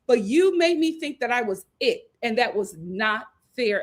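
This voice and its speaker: Animated high-voiced woman. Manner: animated, laughing, acts out the cast members' lines. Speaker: host of a reality show review stream. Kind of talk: casual recap commentary.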